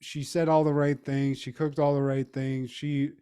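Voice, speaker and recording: Animated, laughing male podcast co-host. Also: medium pitch, moderate pace, clean tone. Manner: animated, laughing, profane storytelling. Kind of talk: casual chat recapping a TV episode.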